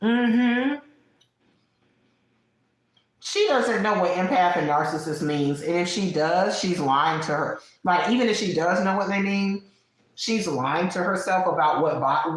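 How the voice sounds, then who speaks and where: A woman in her late thirties hosting a live stream, chatting candidly with viewers at home, laughing often and snacking as she talks. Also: low-pitched. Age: 30s. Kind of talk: casual live-stream chat. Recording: very echoey room.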